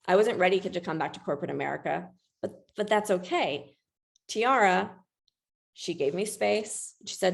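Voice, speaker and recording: A woman presents a webinar in a casual, chatty way, with frequent self-deprecating asides. Her voice sits low and has a gravelly fry running through it. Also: brisk.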